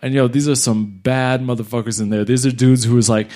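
A young man from New York City spins a funny story for a live crowd. He talks in a middle-pitched voice and keeps jumping into quick impressions of the people he met. His delivery is lively and loose. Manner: animated, acts out other people's lines. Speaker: comedian telling a live story.

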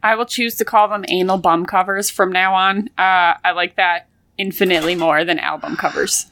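A woman's voice: fairly low pitch, normal speed, slight background noise. A woman co-hosting a podcast, chatting casually and laughing easily. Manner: giggly, animated. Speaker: podcast co-host.

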